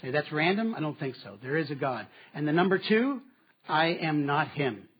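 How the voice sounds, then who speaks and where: A man preaching a sermon, moving between strong statements and quiet asides. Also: on the high side, sing-song, normal speed, husky. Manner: dynamic preaching, dropping to quiet asides with laughs. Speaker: pastor. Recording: slightly dull, muffled sound.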